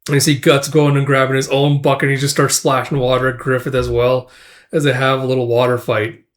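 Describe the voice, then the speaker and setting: A man's voice: medium pitch, level tone, fairly quick. A man casually retelling a comic story in a laid-back way, chuckling and using lots of fillers. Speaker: comic recap host.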